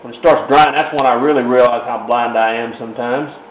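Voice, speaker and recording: A man's voice: medium pitch, fairly even intonation, a little fast. A man teaching a painting technique step by step in a folksy, rambling way, often repeating himself. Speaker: painting instructor. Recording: roomy, tinny lo-fi with faint hiss.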